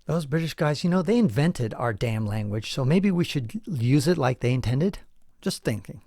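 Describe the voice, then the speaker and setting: A man's voice: medium pitch, lively intonation, normal speed, mellow, dry recording, clean studio sound. A middle-aged man hosting a podcast, explaining points in a casual, emphatic way, asking listeners questions and chuckling now and then. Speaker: podcast host.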